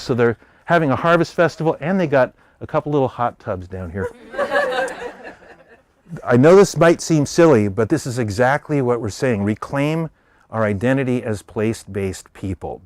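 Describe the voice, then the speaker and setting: A man with an American accent giving an animated public talk, telling stories and voicing characters in quotes. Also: medium pitch. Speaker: speaker.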